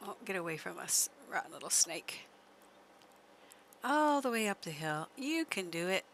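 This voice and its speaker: A woman's voice: on the low side, very animated, normal speed, a bit bright, slight background noise. A woman streamer giving chatty live gameplay commentary, laughing often and coaxing her horse along.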